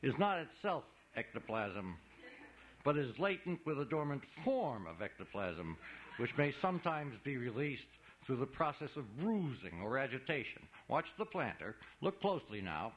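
A man's voice: medium pitch, sing-song, normal speed, dull audio, a little hiss or hum, close to an everyday voice. A man doing a gushing, showy museum guide. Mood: showman. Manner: theatrical, gushing patter. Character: showy, excitable male museum guide, eager know-it-all.

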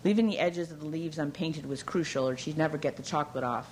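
A woman narrating a novel aloud in a measured, even storytelling manner. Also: deep voice, a little hiss or hum, rough recording. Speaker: audiobook narrator. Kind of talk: scripted narration.

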